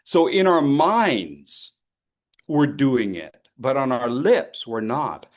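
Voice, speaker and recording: Male voice coach, very lively pitch, slow unhurried delivery, swings loud and soft. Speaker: public speaking coach. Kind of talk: online voice workshop.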